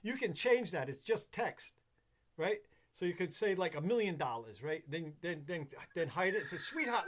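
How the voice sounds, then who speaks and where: Guy with a high voice, rambling, swearing a lot, lots of restarts. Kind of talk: casual chat.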